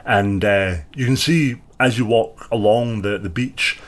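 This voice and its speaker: A man's voice: fairly low pitch, unhurried. A man running a tabletop role-playing game as game master, describing scenes in a loose, hesitant way. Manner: loose, hesitant narration with many fillers. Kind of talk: improvised tabletop narration.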